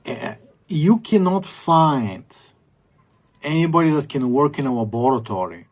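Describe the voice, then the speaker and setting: A man's voice: fairly high pitch, animated, measured pace. Rambling man. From Bulgaria. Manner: rambling with many fillers and restarts. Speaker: vlogger. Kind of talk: casual vlog rant.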